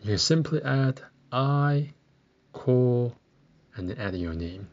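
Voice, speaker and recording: A man from Britain teaching a beginner language lesson, saying each word slowly and pausing long for the listener to repeat. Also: mid-range voice, expressive, a little mellow, muffled recording. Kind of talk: slow, deliberate language lesson.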